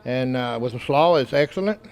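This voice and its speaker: A man's voice: medium pitch, lively intonation, a little fast. A man from Tennessee who owns a restaurant, answering interview questions briefly and plainly. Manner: plain-spoken, brief, modest. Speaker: restaurant owner, guest.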